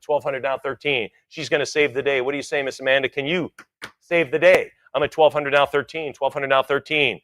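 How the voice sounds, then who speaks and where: A man's voice: medium pitch, fairly even intonation, a bit bright, no echo. Man calling bids at an auction. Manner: rapid rhythmic bid chanting with joking asides.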